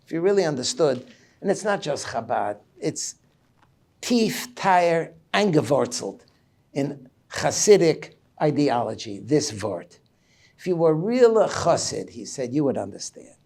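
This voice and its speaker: Animated male rabbi with a higher voice. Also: a little slow, creaky. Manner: animated, reads Hebrew text and explains it in English. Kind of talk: sermon lecture.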